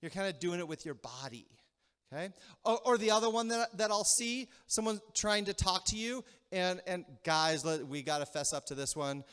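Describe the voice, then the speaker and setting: Animated male pastor preaching in a reverberant hall. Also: high voice, smooth. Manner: animated, acts out quick mock quarrels, asks the crowd "okay?". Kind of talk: sermon. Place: church sanctuary.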